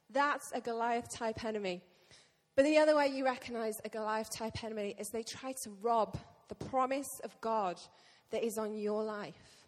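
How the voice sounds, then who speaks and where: A woman pastor preaching a sermon to her church, lively and joking with the congregation. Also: high voice. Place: church hall. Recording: long reverb of a church hall.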